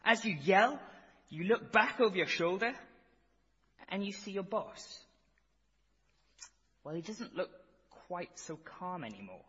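A man's voice: sits high, very animated, unhurried, pauses often, pushed and bright, husky. A man preaching a sermon, telling a vivid, dramatic second-person story and then reading scripture aloud. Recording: echoey hall, dull lo-fi sound.

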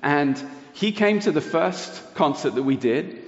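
A man preaching a sermon, telling a personal story in an earnest, lively way. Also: on the high side, measured pace, a little hiss or hum. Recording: roomy hall reverb, dull lo-fi sound.

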